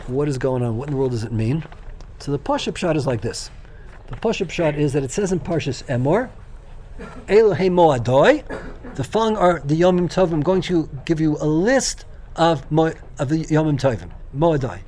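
An older man teaching a Torah class, speaking with excited enthusiasm and frequently restarting and repeating his words. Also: on the high side, brisk, slight background noise. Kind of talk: Torah lecture.

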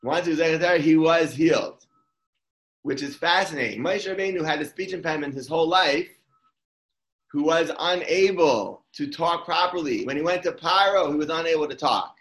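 A man with a slightly higher, a bit bright voice gives a casual Torah talk at a slightly fast pace. Conversational, he often restarts sentences, and the room is echoey.

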